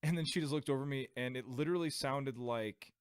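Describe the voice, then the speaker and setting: A man's voice: medium pitch, a little fast, clear, resonant tone, no room sound, studio quality. A young adult man co-hosting a podcast in casual chat, rambling and laughing as he tells a story. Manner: rambling, laughs often, tries out silly accents. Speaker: podcast co-host.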